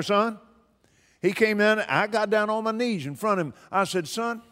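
A man's voice: high voice, animated, moderate pace, a bit bright. An older man preaching a sermon in a folksy, emphatic way, repeating phrases for stress. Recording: long hall reverb.

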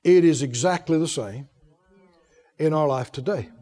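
A man preaching a sermon, asking the congregation question after question in a folksy, animated way. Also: on the high side, normal speed. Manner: folksy, laughs between points. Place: church. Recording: echoey hall reverb.

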